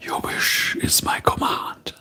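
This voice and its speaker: A man voicing a male genie trapped inside a lamp, speaking in a low, half-whispered murmur. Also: slow, bright, forceful tone. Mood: hushed.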